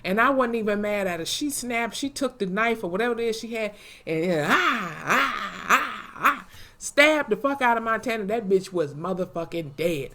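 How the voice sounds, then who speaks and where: Animated, cussing woman recapping a show. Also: mid-range voice, brisk. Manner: animated, profane storytelling with acted-out quotes. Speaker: TV episode reviewer. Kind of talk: casual recap vlog.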